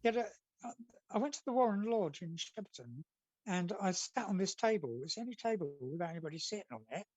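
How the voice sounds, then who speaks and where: A man's voice: high-pitched, lively intonation, fast talker, darkish tone, dry recording, rough recording. A man, a comic artist guest, chatting casually and telling rambling anecdotes, acting out what people said.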